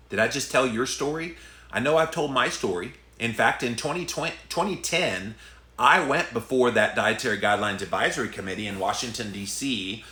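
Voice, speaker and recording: A man's voice: medium pitch, bright, forceful tone. A man hosting his own show, delivering an impassioned, emphatic rant straight to his listeners. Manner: emphatic, conversational, addresses listeners directly. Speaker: podcast host ranting on diet. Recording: roomy echo.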